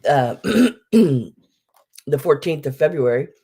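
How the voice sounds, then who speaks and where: A middle-aged woman takes it slowly as she hosts a livestream sale, chatting casually, rambling, and greeting viewers by name. Her deep voice is dark, slightly rough, and expressive, and still groggy from just waking up.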